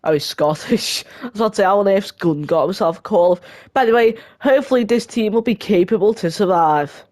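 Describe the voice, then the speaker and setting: Young gaming narrator, casual and chatty, mid-pitched voice, dry close recording. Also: expressive, darkish tone, no room sound. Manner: chatty, self-correcting, quick laughing asides. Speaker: gaming video creator. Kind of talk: casual voice-over of a football game career mode.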